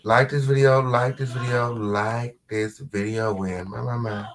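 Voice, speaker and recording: A man's voice: mid-range voice, fairly even intonation, unhurried, hardly any pauses, slight background noise. Guy hosting a live stream from home, sassy, keeps repeating catchphrases, mid voice. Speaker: livestream host. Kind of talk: casual live commentary.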